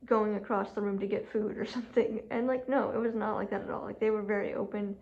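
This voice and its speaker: A woman's voice: medium pitch, fairly even intonation, fast talker, vocal fry, a little mellow, muffled recording. A woman vlogging at home, telling a story in a casual, chatty way with lots of "like" and frequent laughs. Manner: chatty, heavy use of "like", laughs often. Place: home room with furnace running.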